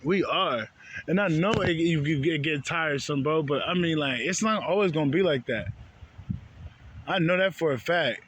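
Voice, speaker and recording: A man's voice: a little high, normal speed, a bit bright, a little hiss or hum. A man ranting to his viewers in a heated, profane, repetitive way, calling them bro again and again. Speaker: spiritual vlogger. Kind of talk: casual rant to camera.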